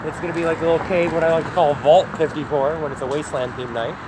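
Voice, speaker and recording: Brief: high-pitched male co-host, playful and jokey, clear traffic noise behind. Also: steady tone, fast. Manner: playful, joking, laughs often. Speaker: guest co-host. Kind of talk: casual podcast chat.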